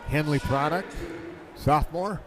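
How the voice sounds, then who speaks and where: Excitable basketball play-by-play man, noisy feed. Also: fairly high pitch. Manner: excitable, calls plays in quick bursts. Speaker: play-by-play announcer. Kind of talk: live basketball commentary.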